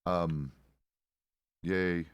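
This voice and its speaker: A middle-aged man streams a roleplay game as a deputy, chatting in a casual, rambling way, often correcting himself mid-sentence and occasionally swearing. His voice sits low with fairly even intonation and drawn-out words, over a faint hiss or hum.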